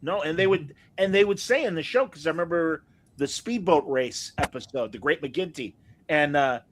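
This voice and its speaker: A man's voice: fairly high pitch, expressive, normal speed, no room sound. A man in his fifties co-hosting a podcast, chatting and telling nostalgic stories in a casual way. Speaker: podcast co-host. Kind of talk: casual chat.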